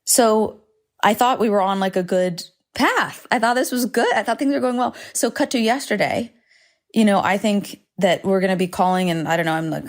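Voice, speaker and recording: A woman's voice: medium pitch, moderate pace. A woman hosting a solo podcast from home, talking candidly and rambling with frequent swearing and self-deprecating asides. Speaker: podcast host. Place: home, indoors.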